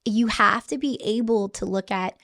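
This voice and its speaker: A woman's voice: mid-range voice, normal speed, a bit bright. Earnest woman school headmaster explaining. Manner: earnest, explanatory, repeats words when restarting. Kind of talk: podcast interview.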